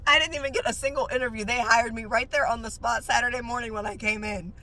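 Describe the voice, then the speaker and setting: A woman who works as a nail technician, sharing her faith testimony in a casual, animated way that jumps up high whenever she gets excited. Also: fast talker.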